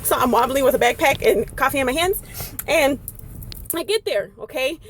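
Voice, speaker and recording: High-voiced, dramatic woman vlogger. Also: expressive, normal speed. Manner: dramatic, mixes in Spanish phrases, acts out others. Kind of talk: animated storytime vlog. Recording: faint background noise.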